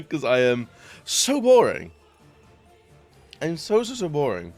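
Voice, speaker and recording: A man's voice: on the high side, wildly swooping pitch, slow, a little mellow, soft background music. A young man in his twenties chatting casually on a live stream, rambling and laughing often. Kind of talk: casual chat.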